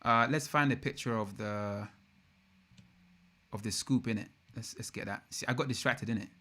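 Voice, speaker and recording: An English man chatting live to his viewers, loose and rambling, full of slang and sudden bursts of excitement. His voice is bright and forward, with a lively edge that cuts through. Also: on the low side, moderate pace. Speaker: livestream host. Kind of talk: casual livestream chat.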